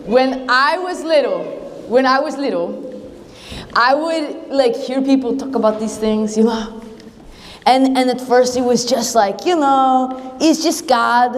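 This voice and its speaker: A high-voiced woman retells a Bible story as if she lived it, playful and full of sound effects, drawing the campers in with questions. She is caught on an action camera in a camp chapel, and her voice rings with a long hall echo. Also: measured pace. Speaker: camp worship leader. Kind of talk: first-person Bible story told to campers.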